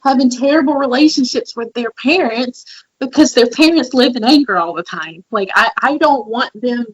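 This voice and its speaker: A woman's voice: fairly high pitch, normal speed, husky, dull audio. A woman co-hosting a podcast in casual chat, telling candid, emotional stories. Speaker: podcast co-host.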